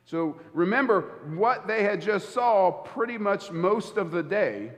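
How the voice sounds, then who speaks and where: A man's voice: high voice, animated, unhurried, lo-fi sound. A man, a church elder, preaching a sermon, telling a personal story and acting out the quoted dialogue. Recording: hall reverb.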